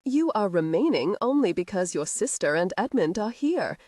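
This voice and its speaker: A woman voicing a sharp-tongued young noblewoman in an audiobook romance. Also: mid-range voice, sing-song, no room sound, clean studio sound. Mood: tart. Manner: quick, snappish.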